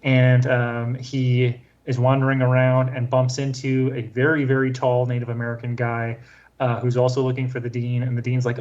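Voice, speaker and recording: A man's voice: medium pitch, monotone, moderate pace, a little mellow. Amused man summarizing comics, dull audio. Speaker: podcast co-host. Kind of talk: casual comic-book recap chat.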